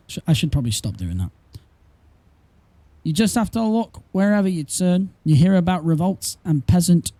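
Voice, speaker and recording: Male let's play streamer: reads game text aloud with joking asides, dark tone. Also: high-pitched, animated, normal speed, no room sound. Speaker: gameplay streamer.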